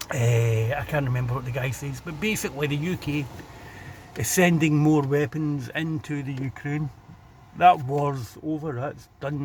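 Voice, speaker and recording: A Scottish vlogger with a Glasgow accent and a slightly high voice rants casually to camera, sardonic about the street he's filming. He's outdoors by a city road, and there's slight background noise.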